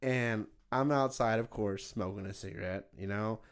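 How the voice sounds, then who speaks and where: A young man co-hosting a podcast, telling stories in casual chat, animated and laughing, swearing often and acting out other people's voices. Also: on the low side, moderate pace, clean tone. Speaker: podcast co-host.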